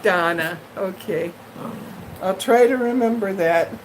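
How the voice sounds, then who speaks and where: A woman's voice: mid-range voice, slow, a little hiss or hum, poor audio. A woman hosting a live stream from home, chatting casually with viewers in a rambling, friendly way with lots of fillers. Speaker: livestream host chatting with viewers. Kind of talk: casual live-chat monologue.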